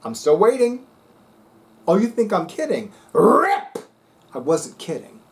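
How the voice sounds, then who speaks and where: Sassy, emphatic man with a higher voice. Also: sing-song, normal speed, warm tone. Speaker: spiritual video host. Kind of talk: casual vlog chat.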